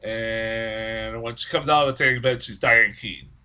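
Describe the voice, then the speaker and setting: A man's voice: on the low side, moderate pace, sharp tone, clear, resonant tone. A man giving a casual, rambling movie review, swearing often and sounding exasperated, with plenty of fillers. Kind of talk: casual spoken film review.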